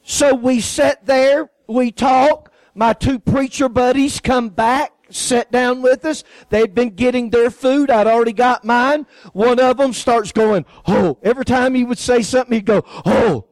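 Delivering a sermon, a man tells a personal testimony in folksy storytelling style, performing the quoted voices of its characters. His very high-pitched voice keeps a steady tone at a measured pace with few pauses, recorded roughly with no echo.

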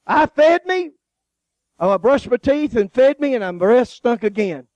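High-voiced, animated man preaching with humor. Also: measured pace, no echo, highs cut off. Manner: animated, joking storytelling with laughs and acted-out voices. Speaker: guest preacher. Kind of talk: sermon.

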